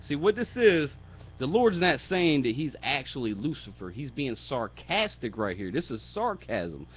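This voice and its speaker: A man's voice: mid-range voice, big pitch swings, measured pace, highs cut off, a little hiss or hum. A man giving an informal bible teaching, blunt and mocking, with profane asides, reading verses aloud in a raised voice. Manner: reads scripture aloud in raised voice.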